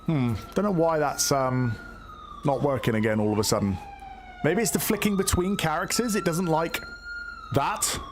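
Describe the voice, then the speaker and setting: A man's voice: fairly high pitch, huge pitch swings, moderate pace, slight background noise. A man streaming a police game live, talking himself through it in a hesitant, chatty way full of fillers. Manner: hesitant, chatty, lots of fillers and self-talk. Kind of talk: live gameplay commentary.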